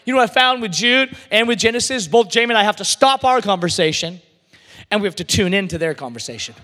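A man preaching a sermon as pastor, swinging from shouts down to near-whispers. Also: sits high, lively intonation, fast talker. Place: church service. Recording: long reverb of a large hall.

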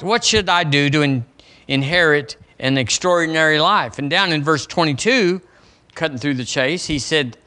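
Folksy pastor preaching. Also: male voice, fairly high pitch, pushed and bright. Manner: folksy, conversational preaching with quoted questions. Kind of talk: sermon. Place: church sanctuary.

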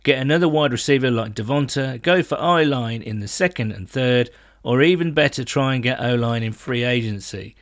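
A man co-hosting a casual sports chat, reading listener messages aloud and adding his own quick takes. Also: mid-range voice, dry recording, clean studio sound. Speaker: podcast co-host reading listener comments.

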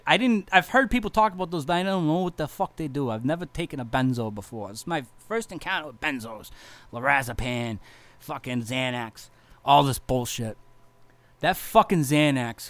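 A man's voice: medium pitch, fairly bright tone, no echo. A man telling a personal story in a casual, profane, rambling monologue.

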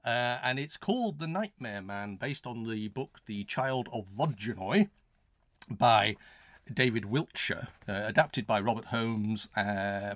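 A man's voice: on the low side, no room sound. A man co-hosting a casual podcast chat, giggly and self-mocking, often tripping over his words. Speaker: podcast co-host.

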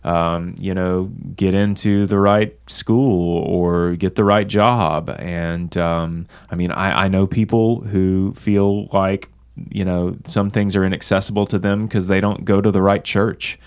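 Male co-host, low resonant voice, measured and explanatory. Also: level tone, clear, resonant tone. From American South. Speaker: podcast co-host. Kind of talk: casual discussion of church history.

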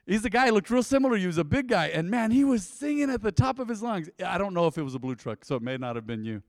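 Animated man preaching a sermon. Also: high-pitched, dry recording, studio quality. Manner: animated, conversational preaching with sudden loud emphasis. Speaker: pastor. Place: church sanctuary.

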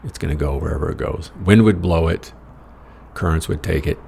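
Casting: American man, very low gravelly voice, wry profane storyteller, faint hiss behind. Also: fairly quick, darkish tone. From United States. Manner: wry, profane, rambling with self-mocking asides. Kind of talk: casual personal storytelling.

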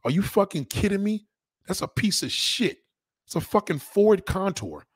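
Husky, animated man ranting on a live stream. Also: normal speed, no echo, studio quality. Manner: mocking, profane, repeats himself for emphasis; animated, pitch jumps up when indignant. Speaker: livestreamer reading viewer comments. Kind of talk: heated live-stream rant.

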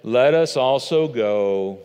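A man voicing a gloomy, defeatist male disciple like a sad donkey, slow, mopey and resigned. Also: mid-range voice, lively intonation, a little mellow, smooth, in a large hall, pitched below the performer's own voice.

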